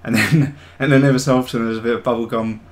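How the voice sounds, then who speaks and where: A man's voice: medium pitch, fairly even intonation, fast talker. A middle-aged man chatting casually on a live stream, thinking aloud as he sculpts a 3D model. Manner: easygoing, thinking aloud while working.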